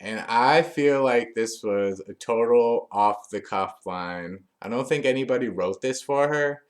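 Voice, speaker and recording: A man's voice: mid-range voice, a little slow. A man giving a chatty, loose recap of a wrestling show as a reviewer, with frequent fillers and restarts. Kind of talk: casual recap commentary.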